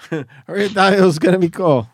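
A man's voice: high-pitched, brisk, no echo. A man hosting a podcast from a garage studio, rambling and laughing through tipsy banter. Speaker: podcast host. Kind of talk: casual chat.

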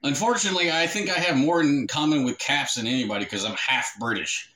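A man's voice: medium pitch, fast talker, sharp tone, low-quality recording. A man on a radio show in casual chat, a little defensive and laughing. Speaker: show regular.

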